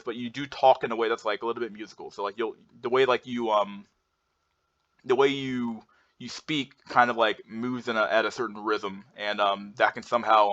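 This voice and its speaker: A man's voice: lowish voice, a bit bright. A man presenting slides in a casual lecture, rambling with many fillers and restarts and blunt swearing. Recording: dull lo-fi recording.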